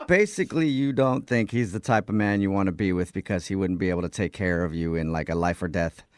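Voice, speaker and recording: A man's voice: low-pitched, quick pace, clean tone, no room sound. A man hosting a radio show in the studio, amused as he steers a call between two guests. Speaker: radio host. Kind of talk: morning radio banter.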